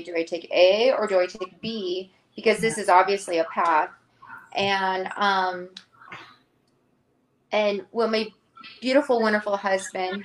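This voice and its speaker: Woman entrepreneur, interview guest, thoughtful, halting, roomy echo. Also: mid-range voice. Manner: thoughtful, with frequent ums and likes. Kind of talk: reflective interview talk. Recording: echoey room.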